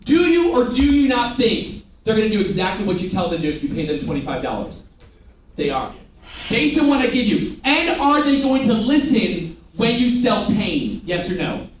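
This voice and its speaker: A man's voice: high voice, very animated, normal speed, a little hiss or hum. A man leading a sales training session, commanding and drilling the audience with call and response. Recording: echoey room from a distance, faint ambience.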